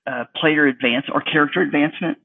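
A man's voice: fairly high pitch, steady tone, fast, gravelly. A man co-hosting a casual round-table chat about tabletop games, wry and rambling. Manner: wry, rambling, self-mocking. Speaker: podcast co-host. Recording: tinny phone-like line.

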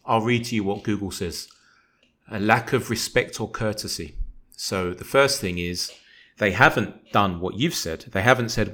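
A man's voice: fairly low pitch, normal speed. A man, co-hosting a casual football podcast, arguing his point in long rambling runs and acting out imagined conversations. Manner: animated, rambling, acts out imagined dialogue. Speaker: podcast co-host.

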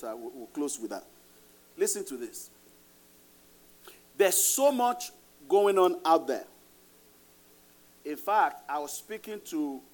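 High-voiced Nigerian pastor preaching. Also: male voice. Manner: emphatic, raises his voice, laughs between points. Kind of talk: sermon.

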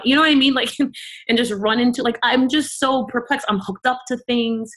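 A middle-aged woman from Miami, a guest entrepreneur telling her story in an animated way, acting out the voices of people she quotes. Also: on the high side, a little fast. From Miami, Florida. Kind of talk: storytelling interview talk.

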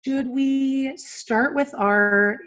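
A woman's voice: high voice, very slow, fairly bright tone. A young woman from California co-hosting a podcast, chatting casually, laughing often and swearing freely. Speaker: podcast co-host. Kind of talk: casual chat.

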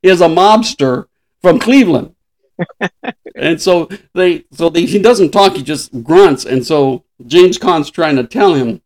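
A man's voice: on the high side, lively intonation, slow, a little mellow. A man in his sixties, a podcast host, chatting casually and laughing often as he retells stories. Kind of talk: casual chat.

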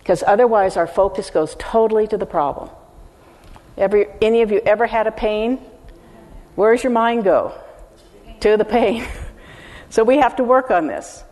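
An older woman preaching in a teaching style, earnest and emphatic as she speaks straight to the congregation. Her voice sits at a middle pitch for a woman. It carries a long reverb from the hall she speaks in. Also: normal speed, pauses often, darkish tone. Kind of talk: teaching sermon.

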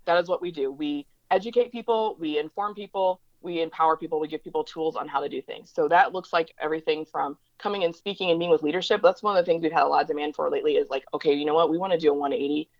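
A woman talks fast and emphatically as an interview guest, slipping into the voices of people she quotes. Her voice sits somewhat low. The recording is dry and a bit dull and lo-fi. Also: no room sound. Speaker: interview guest, diversity educator. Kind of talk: conversational interview storytelling.

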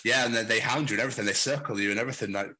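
A man's voice: medium pitch, very fast, bright, forceful tone, low-quality recording. A man hosting a casual podcast, blunt and swearing as he tells travel stories. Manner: blunt, swearing, storytelling, mimics others. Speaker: podcast host. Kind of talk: casual chat.

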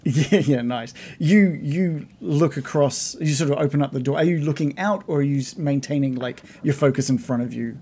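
A man narrating as game master of a tabletop game, halting with frequent ums and restarts. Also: fairly high pitch, dark tone, slightly rough. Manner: hesitant, many ums and restarts.

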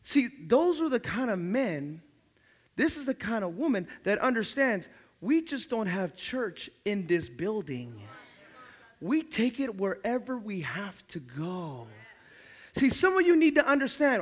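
Man, pastor, sermon, very high voice, animated storyteller, emphatic. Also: unhurried. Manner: animated storytelling, acting out the people in his stories; builds to loud, emphatic preaching.

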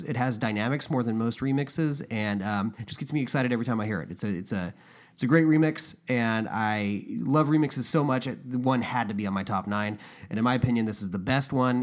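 A man co-hosting a podcast, chatting casually and enthusiastically, with many fillers and restarts. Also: mid-range voice. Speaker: podcast co-host. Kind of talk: casual chat.

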